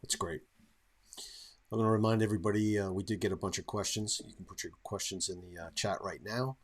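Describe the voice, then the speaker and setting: A man's voice: lowish voice, steady tone, brisk. A man hosting a live webinar and reading out viewer questions, with a hesitant delivery full of fillers. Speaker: webinar host. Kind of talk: moderating live Q&A.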